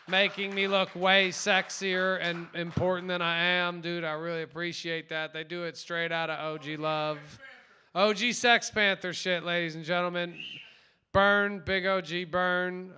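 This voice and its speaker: High, bright-voiced male comedy emcee. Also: a little hiss or hum. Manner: loose, rambling, says he is stoned. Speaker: comedy night host. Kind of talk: casual emcee banter. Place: small comedy club with live audience.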